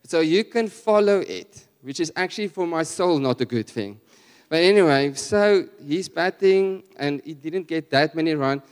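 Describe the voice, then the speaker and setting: A man with a South African accent preaches in a relaxed, chatty way, full of restarts and asides. His voice comes through smooth and resonant, and a long church hall reverb trails behind every phrase. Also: on the high side, normal speed. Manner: conversational, animated storytelling with frequent restarts. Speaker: guest preacher. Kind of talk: sermon with personal story.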